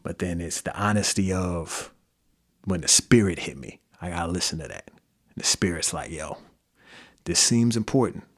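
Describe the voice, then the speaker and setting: Midwestern male podcast host, very low voice, relaxed slangy monologue. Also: moderate pace. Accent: Midwestern American. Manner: loose, conversational, with slang and fillers. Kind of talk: casual solo podcast monologue.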